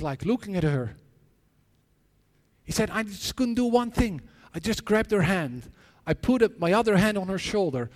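Preaching about his own experiences and leading prayer, a man with a high voice speaks earnestly but haltingly, repeating words and restarting often. The recording carries the long reverberation of a large hall.

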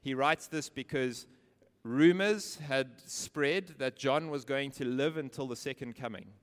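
A man delivers a sermon in a smooth, resonant voice, pressing his points with rhetorical questions and repeated phrases. His words ring out with the long reverb of a large hall. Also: medium pitch, unhurried. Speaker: preacher.

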